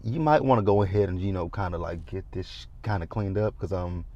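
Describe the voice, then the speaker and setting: A man hosting a casual TV recap, animated and profane, laughing often as he retells scenes. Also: deep voice, fairly quick, muffled recording, slight background noise. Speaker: TV show recap host.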